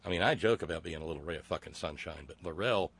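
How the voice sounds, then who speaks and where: A man hosting a political talk show, reading listener comments with sardonic, profane mockery and many halting filler words. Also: low voice, a bit bright, husky.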